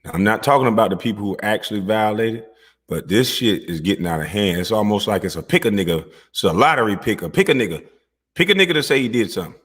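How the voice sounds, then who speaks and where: A man delivering a mocking, profane comedic commentary rant, with drawn-out hums between jabs. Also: on the low side, expressive, a bit bright, husky, in a large hall.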